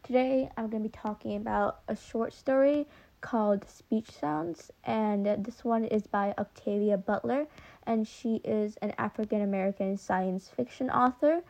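A woman's voice: on the high side, unhurried, creaky, a little mellow. A young woman hosting a casual book podcast, talking with a slight lisp from retainers and many filler words. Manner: chatty, many ums and likes. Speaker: podcast host.

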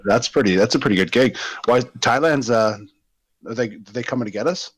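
A man hosting a podcast in relaxed conversation. He mostly reacts briefly and laughs along with his guest, and his pitch is ordinary. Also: normal speed, slightly rough. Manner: laid-back, short reactions and laughs. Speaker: podcast host. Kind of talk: casual chat.

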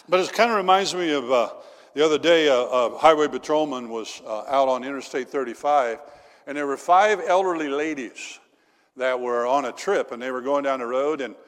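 A man's voice: medium pitch, long reverb tail. A male pastor preaching a sermon in a church, telling folksy stories and asking the congregation questions. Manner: folksy storytelling with fillers and crowd questions.

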